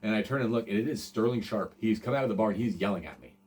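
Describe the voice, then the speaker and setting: Fast-talking, rambling man in his forties. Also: fairly low pitch, darkish tone. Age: 40s. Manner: rambling, self-deprecating, many fillers and restarts. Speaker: podcast host. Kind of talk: casual storytelling chat.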